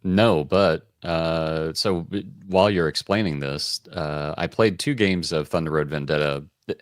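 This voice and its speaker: A man with a very low voice co-hosts a board game call-in show. He chats casually and rambles through his stories, acting out what people said. His voice sounds dry and close. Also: dry recording. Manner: rambling storyteller, acts out quoted dialogue. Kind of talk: casual chat.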